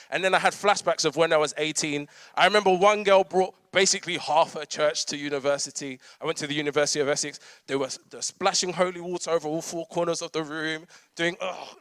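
A man's voice: a little high, a bit bright, no room sound, clean studio sound. A man, preaching a conversational sermon with humorous asides and frequent laughter. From London. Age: 30s.

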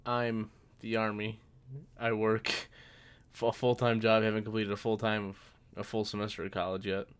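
A man's voice: fairly low pitch, completely flat delivery, normal speed, clean tone. A man in his twenties co-hosting a casual podcast chat, loose and blunt with lots of "like". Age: 20s. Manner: loose and blunt, peppered with 'like'. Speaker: podcast co-host.

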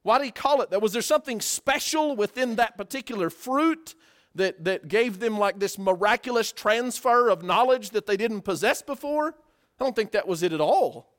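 High-voiced preaching man. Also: normal speed. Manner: animated preaching, acts out everyday voices, rhetorical questions. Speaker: pastor. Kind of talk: sermon.

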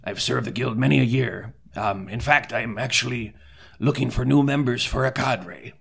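A man playing an earnest cleric at a tabletop game, soft-spoken and measured, with pauses. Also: mid-range voice, vocal fry, husky. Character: earnest male cleric recruiter. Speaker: player voicing a cleric. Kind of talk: tabletop role-play in character.

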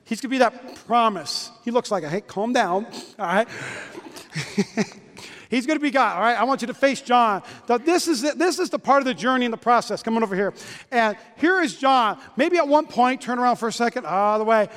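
A man preaching a lively sermon, joking with volunteers onstage in quick bursts. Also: extremely high pitch. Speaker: pastor. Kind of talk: lively sermon with stage demonstration. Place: church auditorium. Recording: long reverb of a church hall.

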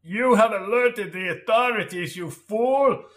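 A man reading aloud, voicing a furious male scientist villain who shouts at his captive. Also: sits high, animated, slow pace, voice pushed up, full character voice.

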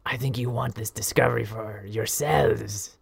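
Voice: mid-range voice, fairly even intonation, normal speed, dry recording, exaggerated voice. A game master voicing a frazzled, obsessive older woman professor during tabletop role-play, sometimes dropping to secretive whispers. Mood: suspicious. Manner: secretive, slipping into breathy whispers.

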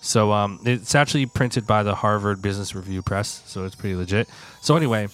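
A man with a low voice co-hosts a relaxed podcast, chatting loosely with plenty of fillers. He rambles and reads passages aloud. Soft music sits faintly behind him. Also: brisk. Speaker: podcast co-host. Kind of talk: casual group chat.

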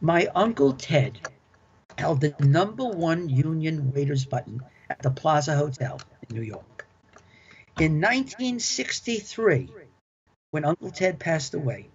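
The dull lo-fi recording features an older former club manager with a higher-pitched, darkish voice. Chatty and enthusiastic, he tells interview stories about his working life and frequently repeats himself.

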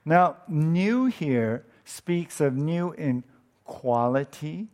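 A man preaching a sermon as pastor, in a conversational way, asking his listeners questions and letting phrase ends drop off softly. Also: fairly high pitch, animated, extremely slow.

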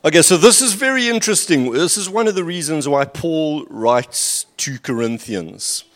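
A man's voice: a little high, lively intonation, normal speed, fairly bright tone. A man preaching a sermon, reading scripture aloud with rising emphasis and breaking off for dry, sarcastic asides. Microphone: handheld or stand mic at a lectern.

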